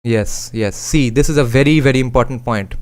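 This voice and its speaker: Smooth-voiced Indian man commenting casually. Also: mid-range voice. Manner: reads passages then adds quick remarks, switching into Hindi. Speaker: channel host reading and commenting on a book. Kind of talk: casual commentary and reading aloud.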